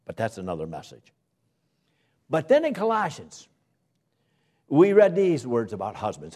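A male pastor preaching a sermon to his congregation, with dramatic pauses and emphatic rises on key words. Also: medium pitch, wildly swooping pitch, a little mellow. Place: church.

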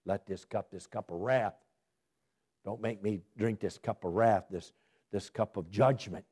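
A man's voice: on the low side, measured pace, husky. A man teaching a Bible study in sermon style, asking his listeners questions and answering them himself, lifting his voice on key words. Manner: lively, rising emphasis on key words.

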